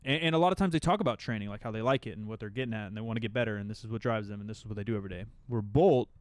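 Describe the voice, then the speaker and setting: A man's voice: fairly low pitch, rapid-fire, dry recording. A man in his thirties co-hosting a podcast, talking casually and animatedly with lots of fillers. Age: 30s. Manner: chatty, animated, frequent "like" and "kinda". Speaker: podcast co-host. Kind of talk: casual chat.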